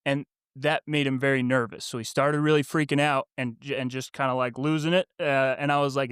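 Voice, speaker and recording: Smooth-voiced man telling a laughing story. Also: mid-range voice, level tone, fairly quick, few pauses, a bit bright, dry recording, studio quality. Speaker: podcast co-host. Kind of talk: casual chat.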